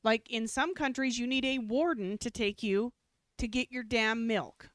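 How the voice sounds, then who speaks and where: A woman co-hosting a podcast in casual chat, chiming in with quick, agreeable interjections. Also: fairly high pitch, no echo, studio quality. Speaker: podcast co-host.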